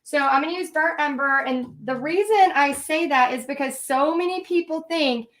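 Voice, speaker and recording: Woman, high register, paint party instructor; casual, rambling storyteller with frequent fillers. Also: normal speed, a bit bright. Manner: chatty, frequent fillers and restarts. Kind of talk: live painting lesson with personal storytelling.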